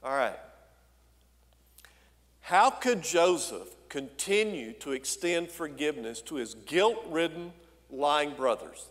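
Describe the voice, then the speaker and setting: A senior pastor preaching a sermon in a folksy, conversational way, with frequent asides to the congregation. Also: male voice, on the high side, animated, takes it slowly, a bit bright, long reverb tail. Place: church sanctuary.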